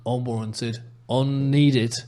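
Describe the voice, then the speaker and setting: A man's voice: mid-range voice, fairly even intonation, slow, mellow. A man hosting a football podcast in casual chat, talking in an impassioned, emphatic way. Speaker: podcast host.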